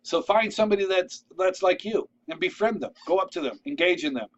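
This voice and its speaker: A man's voice: high-pitched, fairly quick, lo-fi sound. A man giving casual, rambling advice to camera. He keeps checking in with "all right?" and drifts into asides and restarts. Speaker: vlogger giving networking tips.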